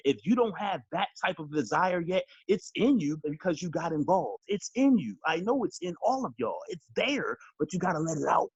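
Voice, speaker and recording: A man's voice: on the high side, very animated, moderate pace, hardly any pauses, breathy edge, no echo. A man coaching a sales team in a motivational training talk, emphatic and preachy, repeating his key lines and calling his listeners y'all. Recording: dull, dry lo-fi audio.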